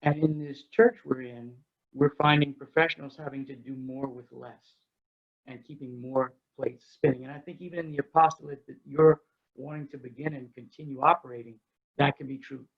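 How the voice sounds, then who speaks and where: A middle-aged man giving a workshop talk on ministry. He tells energetic, joking stories. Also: medium pitch, moderate pace, creaky. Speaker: ministry speaker. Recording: dull lo-fi recording.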